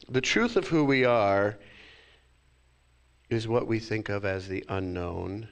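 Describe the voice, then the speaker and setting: A man's voice: lowish voice, lively intonation, slow. A male minister giving a reflective sermon, sometimes acting out inner thoughts with sighs.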